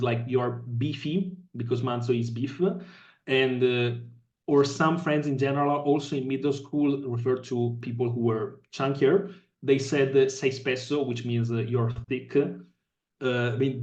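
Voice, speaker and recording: A man with an Italian accent, a podcast guest talking casually and thoughtfully, pausing often to find his words. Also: mid-range voice, darkish tone. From Italy. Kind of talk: casual conversation. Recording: echoey, distant, dull remote audio.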